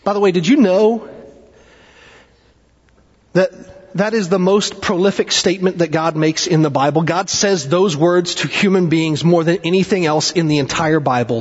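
A male pastor preaching a sermon, with dramatic swings in pitch and pace and chatty asides. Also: normal speed, slightly rough. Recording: dull sound with long hall reverb.

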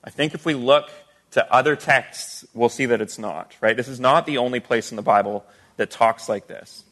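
Male pastor, mid-pitch, conversational sermon delivery, keeps checking in with the congregation. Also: moderate pace, a bit bright. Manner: conversational teaching with rhetorical questions.

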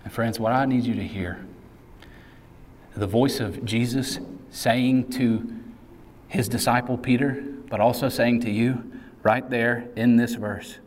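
Man, pastor, casual sermon, acted-out quotes, mid-pitched, long hall echo. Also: steady tone, unhurried, long pauses. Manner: conversational preaching with casual asides and acted-out quotes. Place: large hall. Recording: reverberant hall sound.

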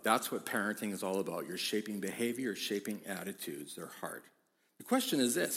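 A man preaching a sermon, moving from easy conversational talk to loud, emphatic exhortation. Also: medium pitch. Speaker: pastor. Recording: echoey hall with long reverb.

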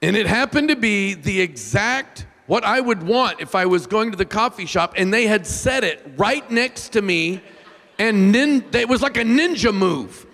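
A man preaching a sermon in a church, telling funny stories about himself in an animated, self-mocking way. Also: sits high, moderate pace. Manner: animated, self-mocking, jumps into loud whiny voices. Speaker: pastor. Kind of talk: sermon with humorous storytelling. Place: church sanctuary. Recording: long reverb in a large hall.

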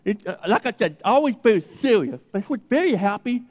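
Animated high-voiced male preacher. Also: fast. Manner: animated storyteller, acting out dialogue. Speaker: pastor. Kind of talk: sermon with personal story. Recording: long hall reverb.

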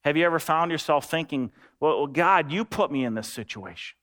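A middle-aged man preaching a sermon as pastor, emphatic and animated, repeating phrases for weight. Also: a little high, normal speed, few pauses.

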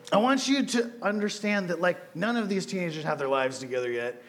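A man with a high voice, preaching as a youth pastor in a loose, conversational way. He tells stories with animated asides, and a faint hum of ambience sits behind him. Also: a little fast, hardly any pauses. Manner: casual, storytelling, animated asides. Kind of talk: sermon.

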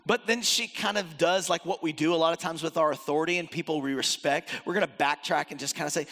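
Bright-voiced preacher in an echoing hall. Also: male voice, a little high, brisk, hardly any pauses. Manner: animated, acts out quoted voices, swings loud and soft. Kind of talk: sermon. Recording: long hall reverb.

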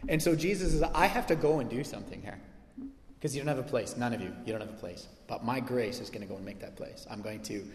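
A man preaching a sermon in a church hall, animated and joking, acting out quick asides. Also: mid-range voice. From North America. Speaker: pastor. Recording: echoey hall.

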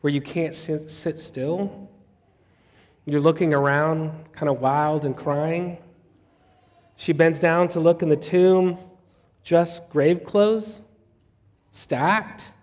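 High-voiced pastor preaching in a reverberant room. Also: male voice, steady tone, slow, long pauses, a little mellow. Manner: conversational, reflective preaching. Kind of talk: sermon. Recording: long reverb.

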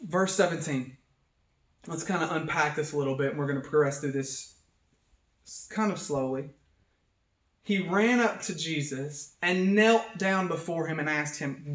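A man's voice: high-pitched, normal speed. A man as pastor giving a livestreamed sermon, earnest and building to emphatic repetition. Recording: echoey room.

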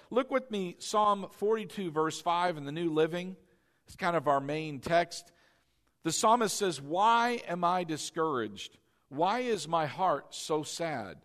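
A male pastor delivering a sermon, leading the congregation in call-and-response and swinging from loud, emphatic peaks down to soft, intimate asides. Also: fairly high pitch, long reverb tail. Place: church sanctuary.

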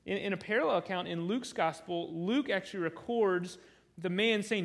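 A man's voice: high voice, normal speed, creaky. A man preaching a sermon through a Bible passage, earnest and conversational, often repeating words as he restarts a sentence.

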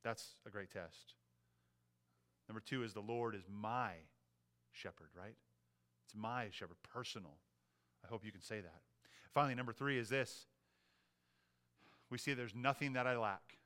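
Male pastor, earnest preacher, bright crisp voice, moves between emphatic and hushed. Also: fairly high pitch, moderate pace. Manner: earnest preaching, rising to emphatic peaks, dropping to hushed quiet. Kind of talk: sermon.

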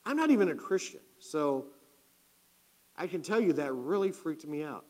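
Speaking at a moderate pace in a higher-pitched voice, a male pastor weaves a personal story into his sermon. His delivery is lively, and he turns to the congregation with direct questions; the audio carries a long hall reverb.

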